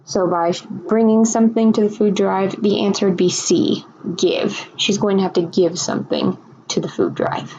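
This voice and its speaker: Woman teacher, patient explainer, slightly gravelly, lo-fi screen-recorded lesson. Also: mid-range voice, fairly even intonation, normal speed, dark tone, a little hiss or hum.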